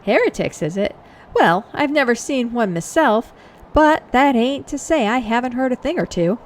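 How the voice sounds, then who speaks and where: A woman voicing a lowborn male soldier in a fantasy game who talks in rough, folksy common speech. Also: expressive, normal speed, a little hiss or hum, close to an everyday voice. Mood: frank.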